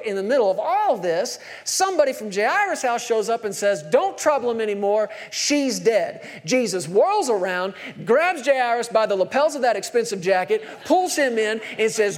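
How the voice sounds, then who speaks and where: High-voiced male preacher, animated. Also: moderate pace, few pauses. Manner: animated storytelling, acting out quotes. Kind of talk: sermon.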